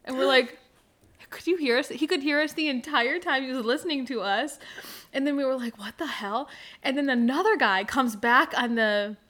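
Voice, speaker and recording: A young woman with a somewhat high voice tells a story in casual conversation. She laughs often as she talks and leans on "like" as a filler. She sounds like a relaxed podcast host. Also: moderate pace. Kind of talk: casual chat.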